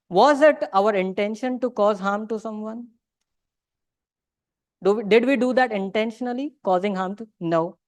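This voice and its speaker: Smooth-voiced woman teacher. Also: medium pitch, no echo, studio quality. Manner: questioning the audience, mixing in Hindi phrases. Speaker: religious teacher. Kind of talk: interactive lecture to a class. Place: temple lecture room.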